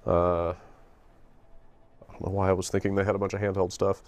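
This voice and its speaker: A man's voice: deep voice, monotone, fairly quick, darkish tone. A man hosting a video game stream, chatting casually, rambling and correcting himself with dry humor. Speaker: video game show host. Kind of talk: casual chat while playing a game. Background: faint game music.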